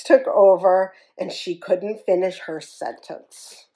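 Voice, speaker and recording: A woman reading a children's story aloud in an expressive, animated way. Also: on the low side, slow, few pauses, poor audio.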